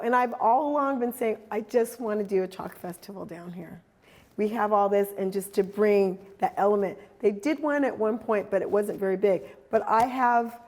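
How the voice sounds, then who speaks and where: Animated woman telling stories. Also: a little high. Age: middle-aged. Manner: animated storyteller, acts out quoted dialogue. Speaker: artist giving a talk. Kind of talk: casual presentation.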